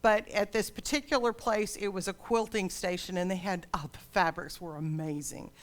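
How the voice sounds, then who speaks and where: A woman's voice: mid-range voice, steady tone, normal speed. An older woman pastor delivering a sermon in a dramatic storytelling manner.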